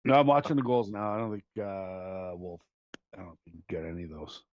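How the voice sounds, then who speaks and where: A man with a fairly low voice chats casually about sports, half joking and half grumbling. The recording is dry and a bit dull. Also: expressive, a little fast, dry recording. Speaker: podcast co-host.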